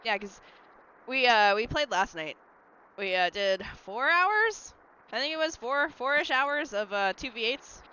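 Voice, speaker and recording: A streamer talks with chat in a loose, rambling way while playing at home. The voice is bright and forward and swings up and down a lot. It comes through a slightly muffled, lo-fi mic with quiet game music underneath. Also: mid-range voice, big pitch swings, a little slow, clean tone. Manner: rambling, chatty, answers chat messages. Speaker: livestreamer. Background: faint game music.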